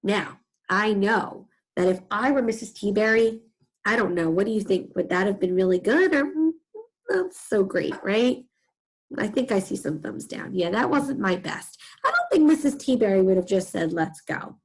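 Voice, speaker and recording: A middle-aged woman teaching young children to read, with a soft, breathy voice. She reads aloud with lively, expressive storytelling and speaks at a medium pitch. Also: moderate pace, rough recording.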